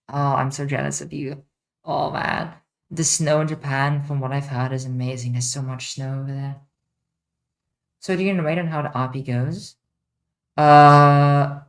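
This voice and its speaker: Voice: mid-range voice, level tone, normal speed. A streamer in a casual livestream Q&A, chatting off the cuff while answering viewers' questions from a home setup.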